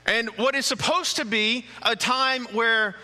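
A man's voice: very high voice, unhurried, long reverb tail, low-quality recording. A man preaching a sermon to his church in a conversational way, asking rhetorical questions and restarting words as he goes. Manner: stammering restarts, animated emphasis. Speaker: pastor.

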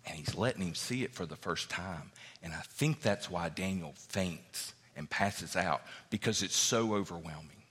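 A man preaching a sermon, reading scripture aloud and acting out what the characters say in an animated way. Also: sits low, moderate pace, few pauses, breathy edge, in a large hall. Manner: animated, acts out biblical characters' speech.

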